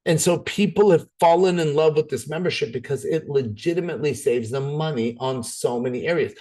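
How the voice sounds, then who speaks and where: A man giving an energetic, persuasive sales presentation, often repeating words as he pushes ahead. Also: fairly high pitch, fairly quick.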